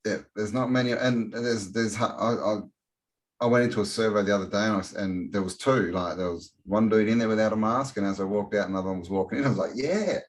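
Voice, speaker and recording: Low-voiced man, blunt chat. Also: steady tone, quick pace. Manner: blunt, swears casually, laughs often. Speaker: podcast guest. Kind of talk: casual chat.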